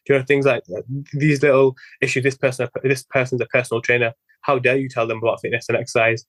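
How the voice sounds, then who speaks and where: A young man rattles along quickly in a level, unvaried tone, stumbling and restarting as he quotes his own past worries. His voice is dry and close to the mic, with no room sound. He is a guest in a relaxed podcast interview. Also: mid-range voice, dry recording. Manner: rambling, quick, many restarts and quoted self-talk. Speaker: guest physiotherapist.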